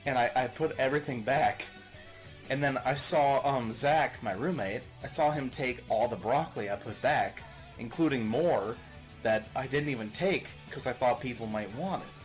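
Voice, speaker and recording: A man of middle pitch rambles to his viewers in a loose, animated way. He laughs, swears freely and keeps going. Music plays clearly behind him on the stream. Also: moderate pace. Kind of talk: casual chat with stream viewers. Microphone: desk microphone.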